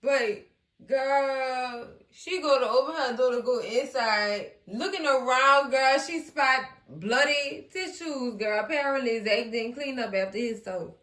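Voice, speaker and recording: A woman hosting a casual TV recap, animated and acting out the characters as she chats to her viewers. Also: high-pitched, measured pace, reverberant. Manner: animated, acts out characters, talks to viewers as cousins. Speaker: recap host.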